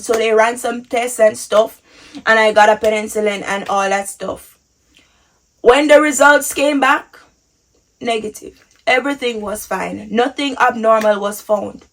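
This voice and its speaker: Young woman, Jamaican accent, high-pitched, animated storytelling, personal testimony. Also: low-quality recording. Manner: animated, acts out quotes. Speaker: testimony speaker.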